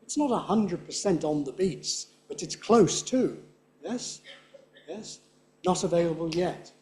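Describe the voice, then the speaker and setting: Lively man giving a lecture. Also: high-pitched, slow. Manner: lively, demonstrative, checks in with audience often. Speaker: linguistics lecturer. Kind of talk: conference lecture.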